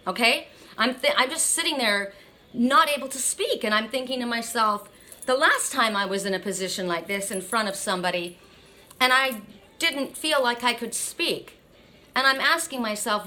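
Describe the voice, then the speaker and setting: A woman's voice: a little high, lively intonation, normal speed, pushed and bright. A middle-aged woman in a casual vlog, blunt and swearing as she vents with a numb mouth after dental surgery. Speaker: oracle card reader.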